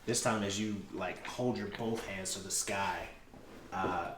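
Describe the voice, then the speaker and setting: A man's voice: fairly low pitch, fairly even intonation, a little slow. A man narrating as game master, describing the action vividly with frequent fillers. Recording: roomy, distant mic with clear background noise.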